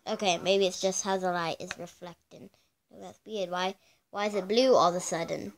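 Reacting on her vlog, this woman chats and exclaims freely, again and again addressing her viewers as "you guys." Her voice sits on the low side and is gravelly, with a steady tone and normal speed.

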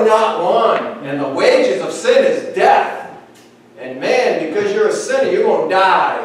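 A man preaching a sermon as pastor, talking in a conversational, animated way and acting out little dialogues. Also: high voice, a little hiss or hum. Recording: echoey hall, speaker far from mic.

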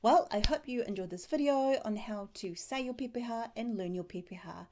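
A woman with a New Zealand accent teaching a language lesson, pronouncing words slowly and carefully. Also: fairly high pitch, dark tone. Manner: slow, careful, clear pronunciation.

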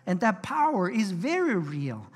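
A man's voice: high voice, big pitch swings, unhurried, breathy edge, in a large hall. A pastor delivering a sermon in an earnest, conversational way, often restarting his sentences. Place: church sanctuary.

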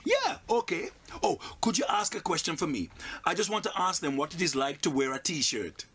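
Man plays a cheeky high-pitched shrunken head, co-host wannabe, comic sketch banter. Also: very animated, normal speed, fairly bright tone, slight background noise. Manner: pushy, chipping in. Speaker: co-interviewer.

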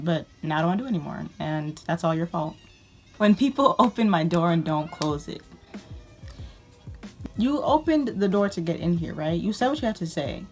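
A woman vlogger ranting about her pet peeves in a sarcastic, exasperated way. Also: fairly low pitch. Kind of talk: ranting casual monologue.

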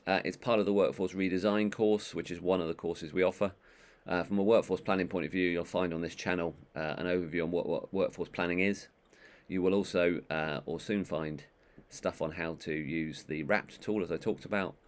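A man giving an online training course, talking in a monotone with many ums and uhs. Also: low voice, fairly quick. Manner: monotone, calls his own voice that. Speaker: management trainer.

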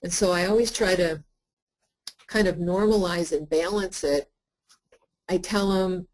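A woman therapist lecturing to practitioners in an earnest, conversational way, with frequent pauses and fillers. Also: lowish voice, a little mellow, poor audio. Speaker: therapist teaching a workshop.

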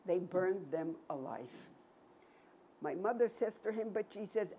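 A woman in her nineties giving a personal testimony to an audience, telling her story slowly and emphatically with many repetitions. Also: lowish voice, animated, mellow, slight background noise. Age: 90s. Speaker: Holocaust survivor giving a talk.

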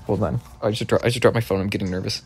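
Excitable stammering man playing a game. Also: on the low side, very fast. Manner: excitable, stammering, swears often. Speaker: gaming video creator. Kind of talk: let's play commentary.

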